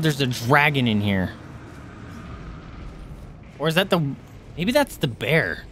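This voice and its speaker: A man's voice: mid-range voice, big pitch swings, slow, fairly bright tone, slight background noise. A man streaming a video game, commenting live, shifting from muttered asides to startled yelps and swearing. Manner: jittery, swings between mumbling and startled yelps. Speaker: gaming streamer.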